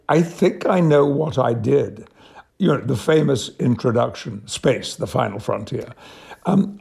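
An older man from Yorkshire, an actor telling anecdotes in an interview in a measured way with frequent chuckles. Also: mid-range voice, a little mellow. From Yorkshire, England. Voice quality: gravelly, husky. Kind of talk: conversational anecdote.

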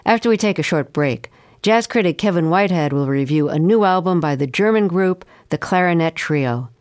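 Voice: medium pitch, animated, normal speed, dry recording, studio quality. A radio show host reading a scripted closing announcement. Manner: clear read announcement.

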